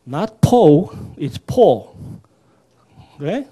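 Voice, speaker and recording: A man leads a seminar in a slow, unhurried cadence. His voice sits a touch high but has a soft, mellow tone. He coaxes the room along with patient repetition and frequent "yeah?" check-ins. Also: very animated, breathy edge. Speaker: workshop presenter. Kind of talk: seminar teaching pronunciation.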